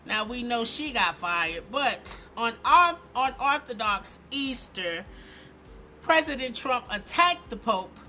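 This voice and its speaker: A woman hosting a commentary vlog, talking in an animated, emphatic and sarcastic way. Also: fairly high pitch, slow pace, slight background noise. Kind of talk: opinionated commentary.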